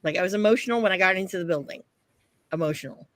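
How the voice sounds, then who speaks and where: A woman co-hosting a podcast, telling a story in a lively way, acting out what she and others said, and swearing freely. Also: lowish voice, very fast, no echo. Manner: animated storytelling, acts out quotes, swears freely. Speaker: podcast co-host. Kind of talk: casual chat.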